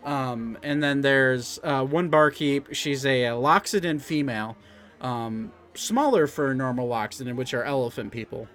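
A man's voice: mid-range voice, moderate pace, a bit bright. A young man narrating as game master, rambling with lots of fillers and restarts. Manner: rambling with fillers, jumps into character voices.

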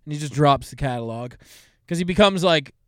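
A young man on a podcast with a smooth, fairly high voice, casually retelling movie plots between ums and curse words. The sound is dry and close. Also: expressive, a little fast, a bit bright, dry recording. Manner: loose and profane, retells movie plots with lots of fillers. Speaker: podcast co-host.

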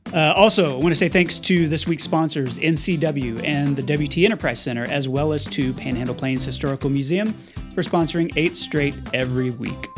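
Relaxed Texan podcast host over guitar. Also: male voice, mid-range voice. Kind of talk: interview host and outro.

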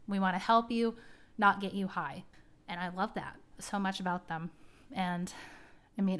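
A woman's voice: mid-range voice, clean tone. A woman hosting her own podcast, talking casually and at length in a rambling, heartfelt way. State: tearing up. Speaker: podcast host. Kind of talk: casual personal talk.

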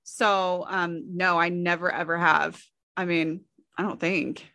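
A woman's voice: on the low side, little pitch movement, slow, sharp tone, dry recording, studio quality. A woman co-hosting a casual chat, reading out questions and answering frankly, with lots of fillers and giggles.

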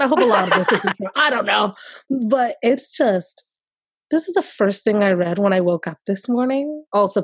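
A woman co-hosting a casual gossip podcast, talking in an animated, excitable way. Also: mid-range voice, breathy edge, dry recording, studio quality. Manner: animated, gasping and laughing while reading messages aloud. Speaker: podcast co-host.

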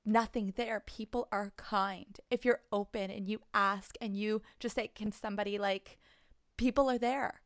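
A woman's voice: mid-range voice, fairly even intonation, moderate pace, no room sound, studio quality. A woman hosting a casual conversation, responding with affirming remarks. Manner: warm, affirming listener.

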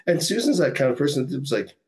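A man's voice: fairly high pitch, very animated, fast talker, a little mellow. A man from Canada, a podcast guest, telling a story in a rambling, casual way full of "like" and "you know".

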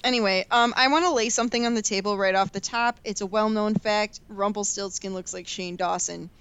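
A young woman in her twenties co-hosts a casual podcast chat, telling stories playfully and laughing often in a chatty, giggly way. Her medium-pitched voice is steady, brisk, smooth, and a bit bright.

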